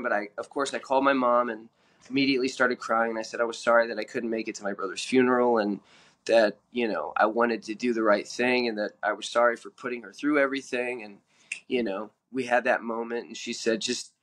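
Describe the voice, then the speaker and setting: A man guest telling his own story in an earnest, halting way, with many fillers and restarts. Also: mid-range voice, fairly even intonation, a bit bright. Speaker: podcast guest.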